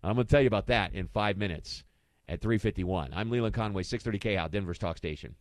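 A man's voice: fairly low pitch, quick pace, no echo. A man hosting a talk radio show, delivering an impassioned, rhetorical monologue and hammering home his points with repeated questions from a studio microphone.

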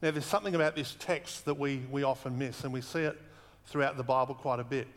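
A man preaching a sermon earnestly, slowing down and repeating words for emphasis. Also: mid-range voice, long reverb tail. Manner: earnest, emphatic repetition, slows for weight.

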